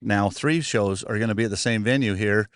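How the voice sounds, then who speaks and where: A man's voice: on the low side, fairly quick. A man interviewing a guest, upbeat and friendly, often repeating his first words.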